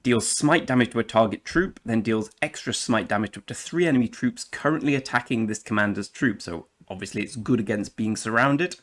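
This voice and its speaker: A man's voice: fairly low pitch, brisk, hardly any pauses, fairly bright tone. An English man hosting a game commentary video, chatty and jokey, now and then slipping into playful put-on accents. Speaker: gaming channel host.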